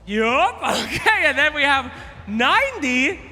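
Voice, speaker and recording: A man with a very high, piercingly bright voice hosts a quiz on a live arena stage. He is loud and playful, teasing the contestants and shouting out to the crowd. The sound carries the long echo of a large hall. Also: very animated, slow pace. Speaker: quiz host at a live esports event. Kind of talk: energetic stage hosting to a crowd. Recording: echoey arena hall with music.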